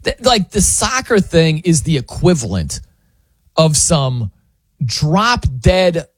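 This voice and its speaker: A man's voice: on the high side, slow pace, slightly rough, no room sound, clean studio sound. A man hosting a sports radio show, telling a story in a casual, jokey way and acting out what people say. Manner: animated, jokey storytelling with acted-out quotes. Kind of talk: casual sports talk monologue.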